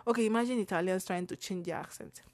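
A young woman with a strong Nigerian accent hosts her own podcast, talking in a loose, animated way and dropping into Pidgin now and then. Her voice sits at a middle pitch. The recording is dry and close, with no room sound. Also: quick pace, dry recording. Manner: animated, laughing, frequent restarts and Pidgin asides. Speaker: podcast host. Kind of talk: casual solo podcast rant.

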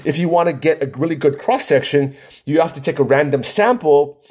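A man's voice: fairly high pitch, brisk, a little mellow, slightly rough. A man hosting his own podcast, talking casually in a rambling way, full of fillers and restarts. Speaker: podcast host. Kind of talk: casual solo podcast talk. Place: Hawaii.

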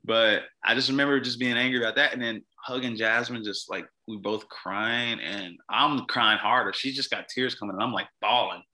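A man's voice: fairly low pitch, fairly even intonation, moderate pace, hardly any pauses, bright, forceful tone, rough recording. A young man, a podcast guest, telling a personal story in a casual, rambling, earnest way, with a lot of "like". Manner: rambling, heavy use of "like", earnest.

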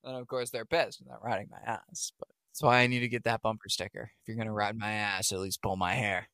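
A man co-hosting a podcast in casual chat, animated and sarcastic, laughing often. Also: on the low side, fast talker, dry recording, studio quality. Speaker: podcast co-host.

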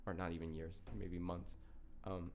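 A man's voice: low voice, little pitch movement, moderate pace, darkish tone, slight background noise. Young male podcast co-host, loose rambling storyteller, profane and laughing. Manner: laughing, swearing, rambling with restarts. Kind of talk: casual storytelling chat.

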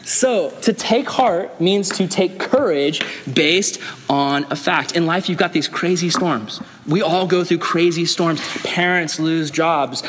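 Animated young youth pastor preaching. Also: male voice, a little high, takes it slowly, slight background noise. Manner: animated storytelling, acts out quoted voices. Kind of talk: youth sermon. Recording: hall with long reverb.

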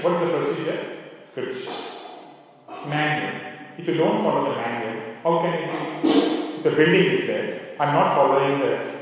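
A man teaching a scripture class in a conversational way, with many "you know" asides. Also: on the high side. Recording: echoey hall, speaker far from mic.

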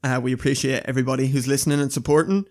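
A man, co-hosting a podcast and telling animated, swear-laden stories in casual chat. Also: medium pitch, rapid-fire, no room sound, clean studio sound. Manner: animated storyteller, swears a lot. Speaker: podcast co-host.

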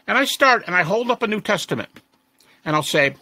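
A man being interviewed as a scholar, telling stories in a lively conversational way and mimicking the people he quotes. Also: high voice, a little fast, no echo. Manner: animated, mimics the voices of students he quotes. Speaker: interview guest, resurrection scholar. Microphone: audio-only interview recording.

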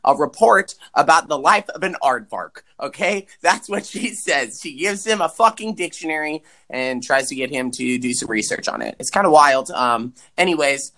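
Man, podcast co-host, casual chat, animated, swearing, bright voice, slightly high pitch. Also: moderate pace, few pauses. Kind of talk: casual chat recapping a movie.

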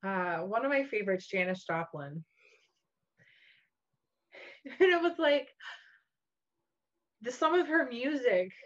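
A mother telling lively stories in a casual spiritual chat, with lots of fillers and casual swearing. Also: on the high side, slow, pauses often. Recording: dull lo-fi sound.

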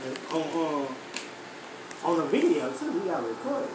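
A man guesting on a casual podcast, cutting in with lively, joking remarks. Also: a little high, a little slow. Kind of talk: casual chat. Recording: echoey room with noise.

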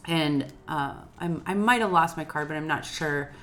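Bright-voiced woman telling a story. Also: sits low, normal speed. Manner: animated storyteller, laughing through retellings. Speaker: podcast co-host. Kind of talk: casual chat, storytelling.

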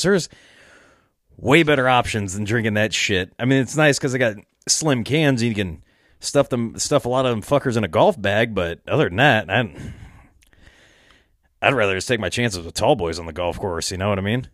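A man's voice: fairly low pitch, lively intonation, moderate pace, fairly bright tone, dry recording, studio quality. A man telling rambling stories in casual chat, laughing and swearing often.

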